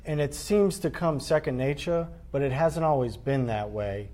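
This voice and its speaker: Man gently asking interview questions. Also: moderate pace. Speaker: interviewer for a prevention group. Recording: low-quality live-stream video.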